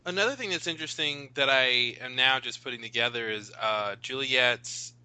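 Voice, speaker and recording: A man's voice: medium pitch, moderate pace, bright, forceful tone, smooth, poor audio. A man co-hosting a casual podcast, talking through ideas thoughtfully with a rambling flow and many fillers. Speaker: podcast co-host.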